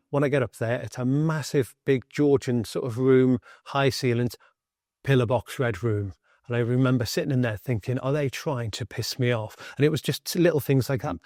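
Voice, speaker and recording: A middle-aged man, a former Royal Marine, candidly recounting his experiences in a blunt, animated way. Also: medium pitch, dry recording, studio quality. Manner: blunt, animated, swears freely. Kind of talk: candid personal storytelling.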